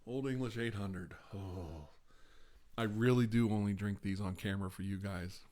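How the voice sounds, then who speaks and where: Stream host, male, low voice, easygoing chat with viewers. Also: moderate pace. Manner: relaxed, chatty, reads out chat messages. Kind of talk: casual live-stream chat.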